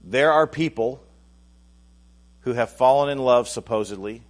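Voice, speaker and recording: This pastor preaches in a conversational tone to his flock, restarting phrases as he builds up to loud, emphatic moments. He keeps a measured pace with a medium-pitched voice.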